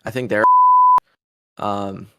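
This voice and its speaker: Young guy, low, vocal fry, loose and sweary interview talk. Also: steady tone, slow, slight background noise. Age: young adult. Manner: laid-back, profane, laughs often. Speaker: musician being interviewed. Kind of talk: casual interview.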